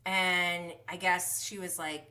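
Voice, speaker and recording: A woman's voice: fairly low pitch, flat delivery, takes it slowly, sharp tone. A woman hosting a casual livestream recap, chatty and gossipy, swearing and laughing a lot as she talks. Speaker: show recap host.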